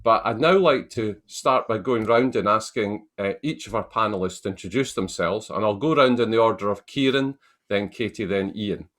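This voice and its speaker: A man moderating a business panel over a video call, polite and measured as he passes turns to the speakers. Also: lowish voice, fairly bright tone. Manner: measured, polite, turn-giving.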